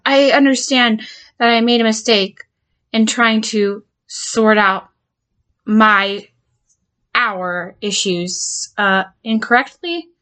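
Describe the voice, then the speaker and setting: A woman's voice: fairly high pitch, fairly bright tone. A woman playing a volatile patient who blackmails her therapist, stammering and swearing as she swings between threats and pleading in an audio drama monologue. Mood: rattled, confused.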